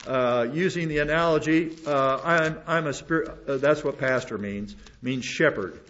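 Older pastor preaching, lo-fi sound. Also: male voice, fairly high pitch, unhurried, a bit bright. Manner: rambling, with frequent restarts and asides. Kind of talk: sermon. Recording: dull lo-fi recording.

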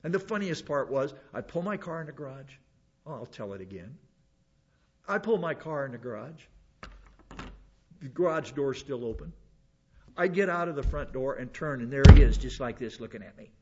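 In a mid-range, darkish voice with lively intonation, a pastor teaches a Bible passage at normal speed, leaving long pauses. His style is casual and folksy, full of digressions, personal stories, and restarts. The lo-fi recording is dull, with slight background noise.

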